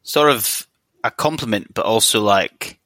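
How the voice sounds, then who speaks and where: Edinburgh male co-host, hedging and self-mocking, bright voice, dry sound. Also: lowish voice, unhurried, no echo. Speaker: podcast co-host. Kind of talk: casual podcast chat.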